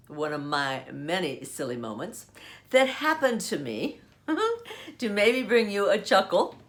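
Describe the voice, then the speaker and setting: A woman's voice: mid-range voice, a bit bright. An older woman hosting her own show from home, telling a funny story casually and laughing often as she goes. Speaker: podcast host.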